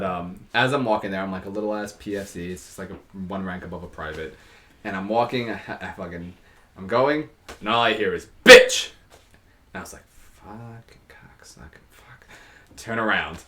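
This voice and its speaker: A man's voice: fairly low pitch, fairly bright tone. A young man with a New York accent, co-hosting a podcast, telling crude stories and laughing often. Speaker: podcast co-host. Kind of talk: casual chat.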